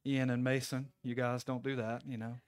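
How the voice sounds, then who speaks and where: A man, a pastor preaching a sermon in a conversational, storytelling way with sudden loud bursts. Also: mid-range voice, flat delivery, moderate pace, clear, resonant tone.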